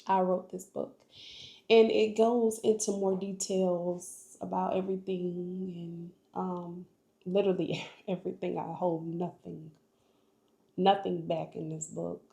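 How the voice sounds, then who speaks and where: Slow, gravelly-voiced woman telling her story. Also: on the low side, level tone, mellow. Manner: earnest, emotional, faith-filled testimony. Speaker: vlogger. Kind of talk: personal storytelling vlog. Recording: echoey room.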